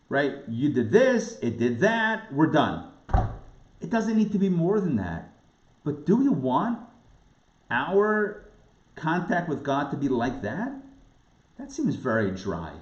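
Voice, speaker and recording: Animated male rabbi teaching a class. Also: a little high. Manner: animated, asks rhetorical questions, acts out quoted voices. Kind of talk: lively lecture. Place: recorded live class. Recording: roomy, dull lo-fi sound.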